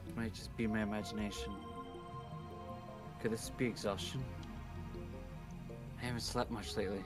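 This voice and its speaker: A man's voice: on the low side, fairly even intonation, moderate pace, pauses often, loud music behind the voice. A man streaming a visual novel, reading its first-person narration aloud dramatically. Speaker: game streamer.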